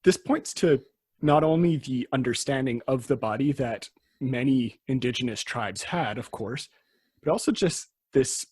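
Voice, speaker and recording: A man with a slightly husky, mid-pitched voice talks through history on a podcast. His delivery is chatty and explanatory, and his sentences often trail off and restart. The sound is dry and close to the mic. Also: a little slow, darkish tone, no echo. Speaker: podcast host. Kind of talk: casual history podcast chat.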